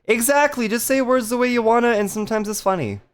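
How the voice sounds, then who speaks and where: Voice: medium pitch, quick pace, clear, resonant tone. A live streamer chatting casually with viewers, playful and giggly with crude jokes.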